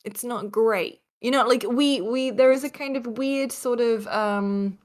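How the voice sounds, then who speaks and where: A woman's voice: a little high, a little slow. Young british woman from northeast england, rambly and chatty, lots of ums, video call guest. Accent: softened British English. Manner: chatty, rambling storyteller with fillers. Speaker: podcast guest. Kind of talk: casual chat.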